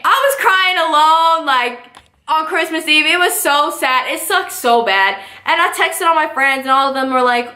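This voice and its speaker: A young woman with a high, bright voice tells a storytime vlog with sass and slang. Her delivery is animated, and the sound carries a roomy echo. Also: normal speed. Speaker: vlogger.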